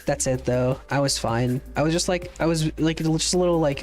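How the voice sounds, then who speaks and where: A man's voice: on the high side, brisk, hardly any pauses, soft background music. A man streaming a game, chatting loosely with viewers, rambling and swearing casually as he answers their questions. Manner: answers viewer chat questions as they come. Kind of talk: casual chat while playing a game.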